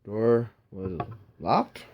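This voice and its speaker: A man's voice: lowish voice, lively intonation, very slow, lo-fi sound, slight background noise. A man playing a video game, casually commenting and muttering self-deprecating remarks to himself. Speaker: let's play gamer. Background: game music.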